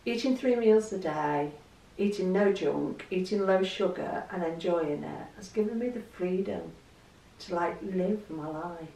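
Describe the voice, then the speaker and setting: English woman vlogger, gravelly voice, roomy echo, mic set back, chatty storyteller. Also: lowish voice, mellow, recorded from a distance, slight background noise. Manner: chatty, storytelling, laughs easily. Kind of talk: casual chat to camera.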